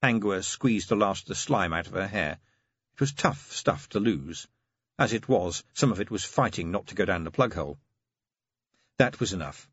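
A man narrating a story aloud with a lively, expressive reading. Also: low voice, normal speed, husky, dry recording, dull audio. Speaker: audiobook narrator. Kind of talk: scripted narration.

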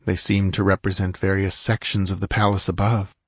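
Male audiobook narrator, low husky voice, dry close mic. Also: a little fast, no echo. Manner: steady storytelling, raising pitch and volume for shouted dialogue. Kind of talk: scripted narration.

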